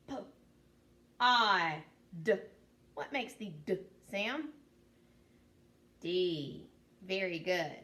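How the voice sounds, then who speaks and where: Woman, kindergarten teacher, remote phonics lesson; very slow, bright tone, encouraging. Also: mid-range voice. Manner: slow, drawn-out sounding out of words; patient, encouraging classroom voice.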